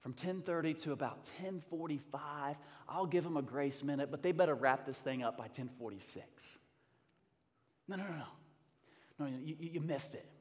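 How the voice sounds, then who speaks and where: A man with a bright, high voice preaches to his congregation, building energy through repeated phrases and emphatic bursts. His sermon carries the long reverb of a large church sanctuary. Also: moderate pace. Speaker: pastor.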